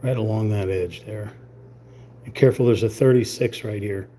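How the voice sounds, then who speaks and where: A man giving casual running commentary while painting on a live stream. He mutters quietly to himself and thinks aloud as he works. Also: lowish voice, moderate pace, slight background noise.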